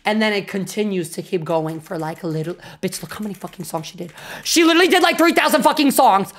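Excitable, foul-mouthed young woman streamer. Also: mid-range voice, fast talker, music in the background. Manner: excitable, swears constantly, bursts into loud laughter. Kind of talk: casual livestream reaction chat.

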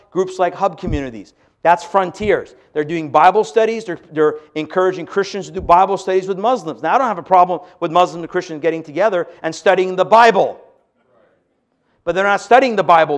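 A man with a high voice lectures a live audience as a pastor. He pushes key points hard, then drops to hushed asides. He keeps turning to the crowd with rhetorical questions. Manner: animated, swings between loud emphasis and hushed asides.

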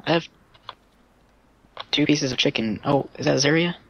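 A man's voice: fairly high pitch, normal speed, gravelly, fairly bright tone, breathy edge. Easygoing laughing man on game chat. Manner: easygoing, laughs often, explains rules plainly. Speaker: game player. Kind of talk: casual voice chat while gaming.

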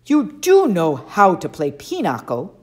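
A woman voicing a pudgy, grumpy male camp director who talks loudly, curtly and with disdain in a storybook reading. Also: medium pitch, sing-song, a little slow, pitched above the performer's own voice. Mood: impatient.

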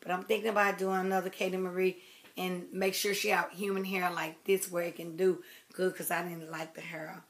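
A woman chatting casually to her viewers about her baby doll in a rambling, affectionate way, often dropping to soft murmurs as she works. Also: fairly low pitch. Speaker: doll collector vlogger. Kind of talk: casual chat to camera.

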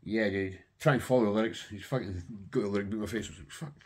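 A man's voice: on the low side, very fast, darkish tone, slightly rough. A middle-aged man and record collector chatting casually to camera, rambling and swearing heavily with enthusiasm.

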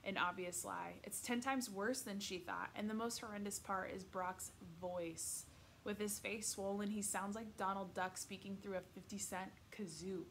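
A woman reading a children's novel aloud, with a mid-range voice and steady, expressive pacing. There is a faint hiss of noise under her reading. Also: mid-range voice. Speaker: narrator. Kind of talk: read-aloud book narration.

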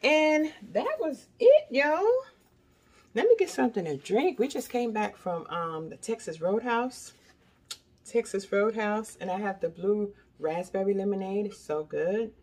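An older woman reviewing products in a loose, chatty way, addressing her viewers directly and circling back over her points. Her voice is husky, and her pitch rises and falls a lot. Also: animated, measured pace, a little mellow. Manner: chatty, repeats herself, keeps addressing viewers as y'all. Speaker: beauty product vlogger. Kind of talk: casual product review chat.

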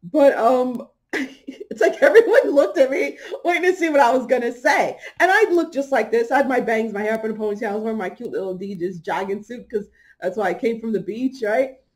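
Woman, middle-aged, podcast host, fairly high voice, casual storytelling, laughs often. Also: brisk. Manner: animated, laughs often, acts out quoted people.

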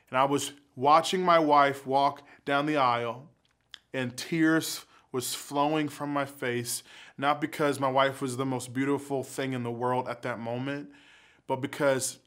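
A man's voice: medium pitch, steady tone, unhurried, fairly bright tone. A man giving an earnest youth sermon as a youth pastor, repeating words as he builds intensity, then leading a prayer. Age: adult father.

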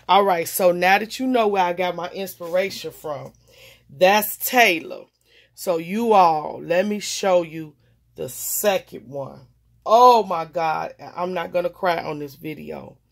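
A woman vlogger showing her mixed-media craft projects in a casual, gushing, emotional, folksy way. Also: on the low side. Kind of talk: casual show-and-tell.

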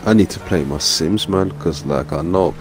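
A man's voice: deep voice, moderate pace. Laid-back guy chatting. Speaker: friend on the line. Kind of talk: casual chat. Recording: music playing behind the voice.

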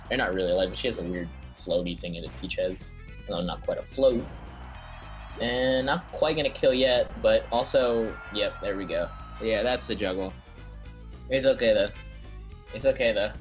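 A young man casually commentating a computer fighting game tournament, excitable and slangy, swearing often. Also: medium pitch. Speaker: stream commentator.

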